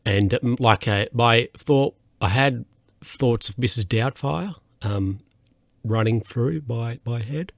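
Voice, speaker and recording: A man's voice: medium pitch, slow, dry recording. Aussie guy rambling thru a solo podcast, umms a lot, dead dry mic. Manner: rambling, hesitant, many fillers and restarts. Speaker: podcast host.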